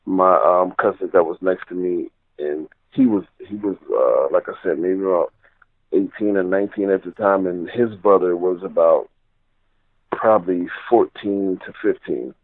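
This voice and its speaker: Man, lowish voice, rambling storyteller, tinny phone line. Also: moderate pace, dry recording. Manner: rambling, many fillers like "you know" and "like". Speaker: caller telling a personal encounter story. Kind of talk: casual storytelling.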